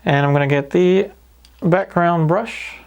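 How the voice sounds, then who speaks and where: A man calmly talking through each step of a painting lesson in an easygoing way. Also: sits high, a little slow. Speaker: painting instructor. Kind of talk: paint-along tutorial narration.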